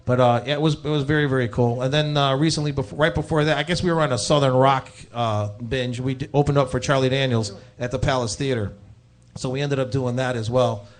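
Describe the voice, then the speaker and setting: Brief: man, mid-pitch, fast chatty band guest, lots of ums. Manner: relaxed, chatty, filler-heavy. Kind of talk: casual interview storytelling.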